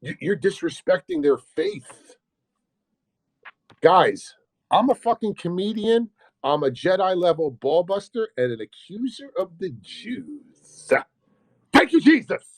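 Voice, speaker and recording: A man's voice: sits high, animated, takes it slowly, darkish tone, dry recording, poor audio. A man hosting a casual livestream, mocking and laughing, sometimes breaking into a sing-song parody chant. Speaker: livestream host.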